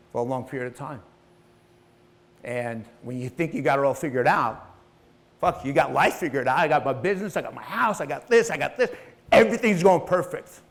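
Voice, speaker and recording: On stage, a middle-aged man gives a motivational talk in a voice pitched slightly above average. He speaks at normal speed with frequent pauses, is blunt and swears freely, and acts out the lines of people in his story.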